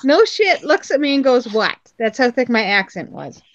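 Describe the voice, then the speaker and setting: Her voice is a little high, with big pitch swings and a moderate pace, captured on a muffled recording. Faintly accented from Newfoundland, Canada, she's a chatty storyteller in a relaxed group conversation, laughing often.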